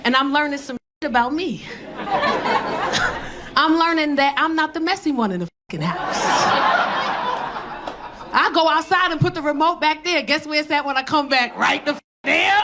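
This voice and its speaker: A woman's voice: high voice, expressive, moderate pace, pauses often, background noise. A brash, profane woman in her thirties with a New York accent, doing stand-up comedy and teasing the crowd on a club stage. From South Bronx, New York. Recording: live club recording with loud crowd laughter.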